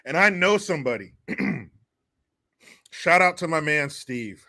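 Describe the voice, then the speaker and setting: A man's voice: on the high side, lively intonation, takes it slowly, vocal fry, sharp tone. A man hosting a profane comedy commentary show, laughing often, cursing and mocking the clips he reacts to.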